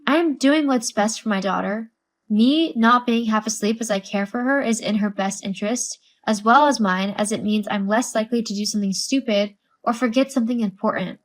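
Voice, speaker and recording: A worn-out young mother with a dry, sarcastic edge, voiced by a woman. Her voice sits a bit high and she pushes back firmly in a scripted read. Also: moderate pace, close to an everyday voice. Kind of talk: scripted story narration.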